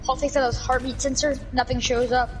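Jokey woman gamer, fairly high voice. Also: brisk, over music, rough recording. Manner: jokey, excitable, rambling. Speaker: gaming YouTuber. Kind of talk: casual gameplay banter.

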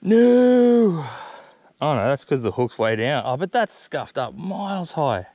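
A man with an Australian accent chatting excitably while fishing from a boat on a creek. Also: mid-range voice, normal speed. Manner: excitable, swears mildly. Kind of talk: casual chat while fishing. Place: small boat on a tidal creek.

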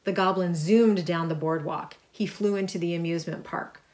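Woman reading a picture book aloud, low and lively. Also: moderate pace. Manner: lively reading, chatty asides about the pictures. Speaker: author reading her book. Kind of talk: storybook read-aloud.

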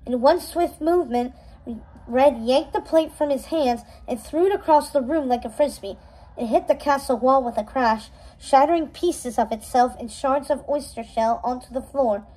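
A woman reading a novel chapter aloud in a steady storytelling manner, with small slips and restarts. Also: high voice, poor audio. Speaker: read-aloud narrator.

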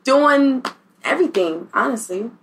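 A woman's voice: high voice, lively intonation, unhurried, fairly bright tone, slight background noise. A young woman from Upstate New York, a singer guesting on a casual podcast, easygoing and a little shy. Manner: shy at first, giggly, easygoing.

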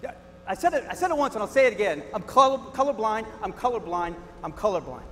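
A man's voice: high voice, big pitch swings, fast, a bit bright, slight background noise. Male actor: defensive well-meaning guy, pleads and repeats, reverberant hall. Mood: insistent. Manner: flustered, pleading, repeats himself. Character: defensive, well-meaning man called Bartimaeus. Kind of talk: church skit acting.

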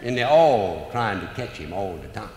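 A man's voice: fairly low pitch, sing-song, normal speed, a little mellow. A man with a Cajun accent telling comic stories live in a folksy drawl. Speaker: humorous storyteller. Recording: roomy live hall recording, faint noise.

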